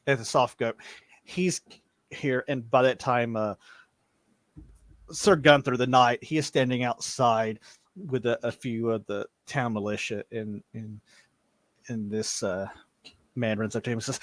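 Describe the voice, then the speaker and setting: Man narrating as game master, halting delivery, lots of fillers, mid pitch, dry sound. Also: steady tone, no echo. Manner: halting, many restarts and fillers.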